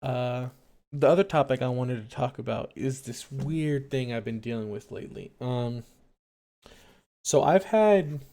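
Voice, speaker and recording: Mellow-voiced man rambling on a stream. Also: medium pitch, unhurried, vocal fry. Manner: rambling, hesitant, filler-heavy, musing aloud. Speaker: late-night radio-style stream host. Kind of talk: casual rambling monologue.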